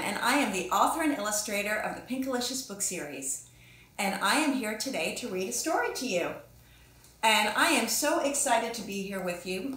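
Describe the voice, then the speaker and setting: A woman, a children's book author, reading her story aloud to young listeners with bright enthusiasm in her studio. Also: mid-range voice, reverberant. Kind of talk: children's read-along.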